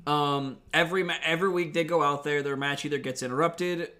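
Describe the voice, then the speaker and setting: Bright-toned rambling man podcaster. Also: on the high side, a little fast. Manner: relaxed, rambling with fillers like "uh" and "like". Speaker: podcast co-host. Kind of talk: casual chat.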